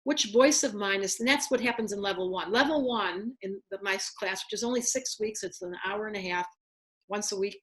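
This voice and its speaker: A woman astrologer giving a lively spiritual talk to a group and acting out inner voices as she goes. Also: mid-range voice, fairly quick. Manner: animated, acts out inner voices. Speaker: astrologer teaching a workshop.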